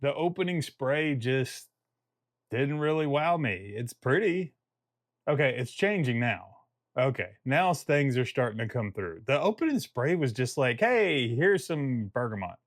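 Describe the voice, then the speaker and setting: A man's voice: mid-range voice, lively intonation, a little slow, no echo. A man in the middle of his vocal range talks through a fragrance review in a loose, easygoing way. He wanders off on tangents and pokes fun at himself. The sound is close and dry, with almost no room around him. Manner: chatty and rambling, jokes at his own expense. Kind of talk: casual review vlog.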